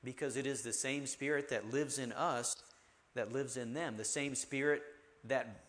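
A man's voice: medium pitch, fairly even intonation, measured pace, fairly bright tone. Man leading a church discussion. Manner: affirming, teaching, emphatic. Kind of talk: preaching-style discussion.

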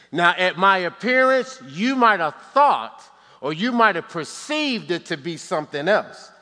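A man's voice: high-pitched, big pitch swings, unhurried, bright, forceful tone. A man preaching a sermon from the pulpit, calling for responses from the congregation and slipping in joking asides. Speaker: pastor. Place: church sanctuary. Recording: long church hall reverb.

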